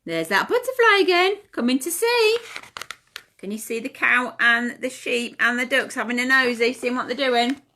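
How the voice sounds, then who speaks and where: Brief: playgroup leader reading a picture book, bright and very animated. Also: female voice, a little high, moderate pace. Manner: asks children questions, sing-song. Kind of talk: storytime reading for toddlers. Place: home.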